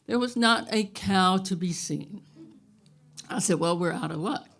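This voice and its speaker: A woman telling a true story on stage to a live audience, wry and unhurried, often chuckling. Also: medium pitch, creaky, fairly bright tone.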